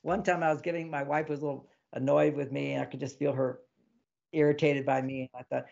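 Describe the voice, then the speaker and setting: A man, an author of relationship books, giving casual advice as a podcast guest, animated and fond of acting out little quoted exchanges with a laugh. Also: mid-range voice, brisk, creaky, muffled recording. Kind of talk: casual advice talk in an interview.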